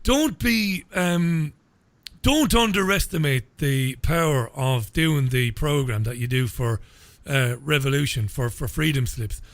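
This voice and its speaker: Hosting a live radio interview, this English-born man with an Irish accent talks with great enthusiasm and tends to repeat words at the start of sentences. He has a mid-range voice and a measured pace, with no echo.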